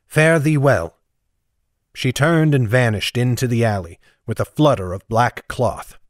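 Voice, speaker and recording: A man reading a fantasy novel aloud as audiobook narrator, in a steady, even storytelling manner. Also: medium pitch, moderate pace, no room sound, clean studio sound. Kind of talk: scripted narration.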